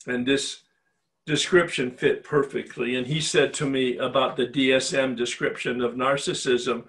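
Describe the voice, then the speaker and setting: A man's voice: medium pitch, fairly even intonation, normal speed, a bit bright. An older man facilitating a spiritual recovery retreat, telling his own story in a personal, confessional way and posing emphatic rhetorical questions.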